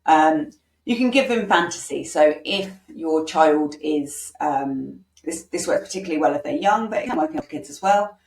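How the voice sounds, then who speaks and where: A woman's voice: sits low, normal speed. A woman coaching parents in a casual online workshop, talking conversationally with many ums and acting out example phrases to say to children. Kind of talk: informal online workshop teaching. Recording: roomy, distant from mic.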